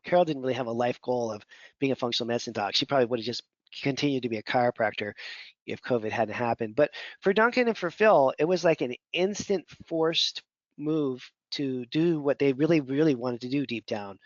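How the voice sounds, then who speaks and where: A functional medicine mentor, a man with a medium-pitched voice, gives doctors a casual, rambling teaching talk packed with fillers. The audio is dull and lo-fi, with no room sound.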